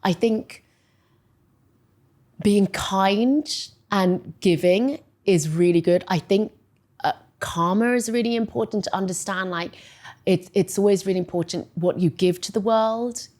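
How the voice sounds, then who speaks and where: Animated woman in her forties, chatty storyteller. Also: unhurried. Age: 40s. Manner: animated storyteller, many "like"s, voices quotes high. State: emotional, near tears. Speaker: podcast guest. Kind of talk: casual interview chat.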